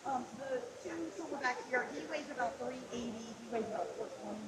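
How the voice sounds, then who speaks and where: A woman working as a safari guide, explaining animal facts to guests in a quick, chatty way. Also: fairly high pitch, a loud crowd. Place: outdoors on a safari ride.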